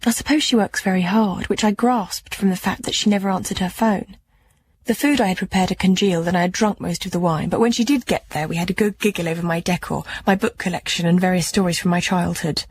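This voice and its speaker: A woman's voice: lowish voice, fast talker, breathy edge. An actress playing Edna, an earnest, awkward young woman who narrates her own story with dry, hesitant humour in a radio drama. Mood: wry. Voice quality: hesitant, wry, self-deprecating.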